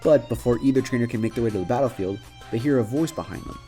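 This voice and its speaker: A man's voice: medium pitch, fast talker, warm tone, soft background music. A man casually narrating a fan-made story, chatty and speaking directly to his listeners.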